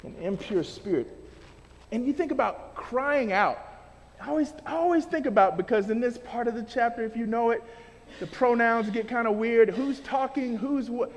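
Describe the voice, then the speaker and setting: Male preacher, very high voice that swoops widely, casual slang-filled sermon delivery, heard in a hall with long reverb. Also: moderate pace.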